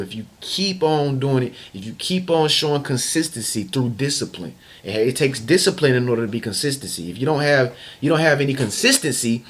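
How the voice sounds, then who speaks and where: A man at an ordinary middle pitch delivers a motivational vlog. He drives his points home by repeating short phrases over and over. His speech is loose and slangy, full of restarts. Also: husky. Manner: emphatic and repetitive, hammering phrases over and over; casual slangy talk with frequent restarts. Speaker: motivational vlogger. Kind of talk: motivational talk to camera.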